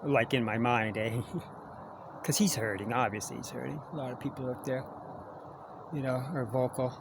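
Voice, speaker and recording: Holding his camera at arm's length, a Canadian man vlogs in the woods, chatty and joking as he tries to coax animals toward him. He speaks in a gravelly, steady, mid-range voice at a moderate pace, with outdoor ambience and the sounds of animals around him.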